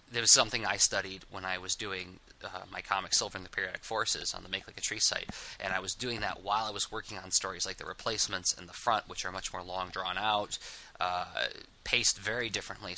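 A man's voice: deep voice, sharp tone, poor audio. A man hosting a casual interview, talking at length with frequent restarts and asides. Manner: talkative, restarts and rambles. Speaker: host of a comics podcast.

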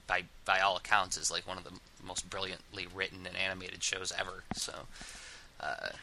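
Guy hosting a chat, low voice but really bright, rambles and restarts a lot. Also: a little hiss or hum, poor audio. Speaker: host of a comics podcast. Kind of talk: casual interview chat.

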